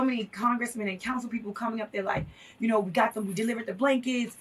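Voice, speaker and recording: Woman interview guest, husky, slightly high, impassioned, off-mic. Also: steady tone, fast, far from the mic. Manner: earnest, impassioned, repeats for emphasis. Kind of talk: emotional storytelling in an interview.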